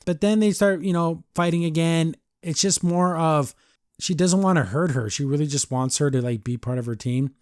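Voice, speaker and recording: A man's voice: on the high side, moderate pace, darkish tone, clean tone, no echo, studio quality. Rambling man recapping a cartoon episode. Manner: rambling, heavy use of "like", acts out quotes. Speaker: podcast reviewer.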